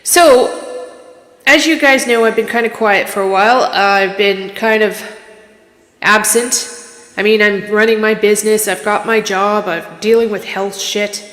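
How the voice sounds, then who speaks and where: Woman medium from Canada, mid pitch, rambling and emotional; casual livestream, roomy reverb. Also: fairly even intonation, a little slow, fairly bright tone. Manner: rambling, candid, emotional, restarts. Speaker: psychic medium streamer. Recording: echoey room with long reverb.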